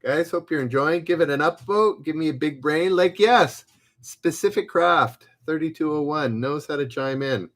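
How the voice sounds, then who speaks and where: A man's voice: a little high, fairly bright tone. A man hosting a live-streamed trivia game, reading each question twice and stopping often to search for words. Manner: halting, hesitant, reads questions aloud twice with many fillers. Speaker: livestream trivia host. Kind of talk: casual live-stream chat.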